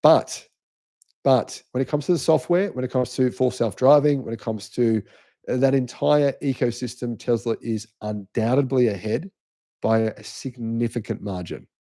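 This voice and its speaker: Aussie guy doing a livestream, mellow low-key tone, keeps insisting things are facts. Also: moderate pace. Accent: Australian. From Australia. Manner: emphatic, insistent, restarts often. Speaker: channel host. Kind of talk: live-stream commentary answering chat.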